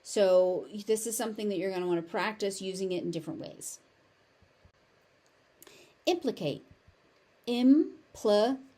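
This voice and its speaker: A woman with a General American accent teaching pronunciation, repeating each word slowly and enunciating clearly. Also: mid-range voice, steady tone, dark tone. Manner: slow, deliberate, exaggerated enunciation of each word. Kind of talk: pronunciation lesson, slow drilled word repetition.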